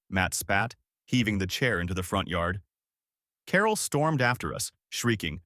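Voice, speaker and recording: A man reading a first-person story aloud as scripted narration, with dramatic, expressive delivery. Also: on the low side, a little slow, no room sound, clean studio sound.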